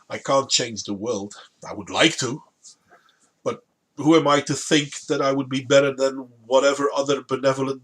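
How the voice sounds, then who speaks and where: A man with a Dutch accent talks things through in a slightly husky, breathy voice at an ordinary pitch. He argues his points in a measured, deliberate way. He sounds like a host in a casual political debate on a live stream. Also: fairly bright tone.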